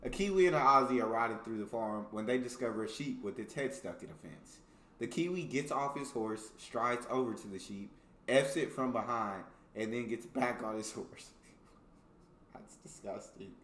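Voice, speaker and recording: A man's voice: medium pitch, expressive, moderate pace, fairly bright tone, roomy sound. An American man hosting a reaction video, reading jokes aloud in casual commentary and laughing often between them. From United States.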